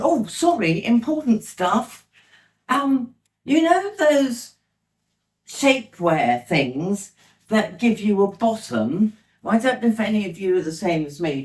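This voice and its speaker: A woman's voice: mid-range voice, reverberant. Chatty woman vlogging at home. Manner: chatty, warm-hearted, a little self-deprecating. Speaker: lifestyle vlogger. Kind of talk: casual vlog chat. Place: at home indoors.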